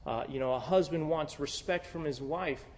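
A man's voice: on the high side, moderate pace, darkish tone. A man preaching a sermon as a pastor, in a conversational, candid style with frequent fillers. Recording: long hall reverb.

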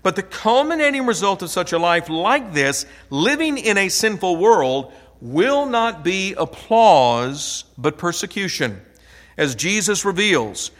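A male pastor delivering a sermon with measured pacing and emphatic stresses on key words. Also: a little high, fairly bright tone, long reverb tail.

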